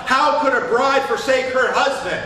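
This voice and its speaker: Man, pastor, sermon, rhetorical questions, high voice, far from the mic, faint hiss. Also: moderate pace, sharp tone. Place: church sanctuary. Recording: echoey church hall from far off.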